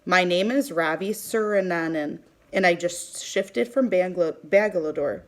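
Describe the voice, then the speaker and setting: A woman's voice: on the low side, unhurried, lightly acted. A woman voicing a polite, earnest boy on his first day at a new school, speaking in a formal way.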